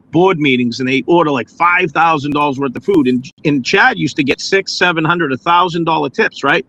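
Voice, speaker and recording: A man with a slightly high voice argues his point in casual talk on a live stream. He stumbles and restarts his sentences often. He acts out what other people said with lively little voices. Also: lo-fi sound.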